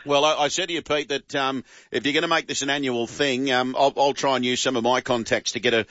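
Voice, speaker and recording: A man's voice: medium pitch, fairly even intonation, fast, a bit bright, dry recording. A man with an Australian accent hosting a sports radio show, chatting in a laid-back, matey way. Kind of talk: casual radio chat and match updates. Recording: slightly dull, dry studio sound.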